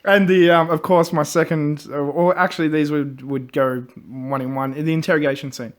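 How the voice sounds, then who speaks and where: A man hosting a casual movie review panel, retelling scenes with lively acted-out quotes. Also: a little high, moderate pace, few pauses. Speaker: panel host.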